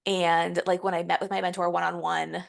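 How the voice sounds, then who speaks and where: A woman co-hosting a podcast in casual chat, speaking conversationally, asking questions and reacting quickly. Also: on the low side, flat delivery, creaky. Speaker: podcast co-host.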